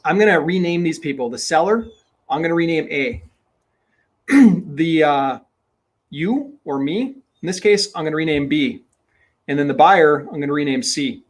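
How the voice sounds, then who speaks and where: A man teaching real estate investing in a webinar, talking in an emphatic, energetic way and repeating his key points. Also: fairly high pitch, normal speed. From Minnesota.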